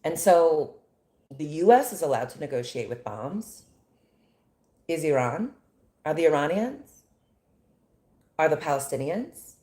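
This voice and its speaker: A woman's voice: deep voice, very animated, unhurried, pauses often, warm tone, echoey room. An American woman giving an impassioned, indignant monologue full of rhetorical questions. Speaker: commentator.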